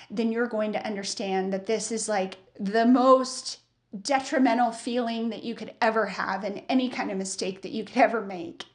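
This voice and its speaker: A woman hosting a casual solo podcast, a bakery owner telling a story in a candid, chatty way with many fillers. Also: on the high side.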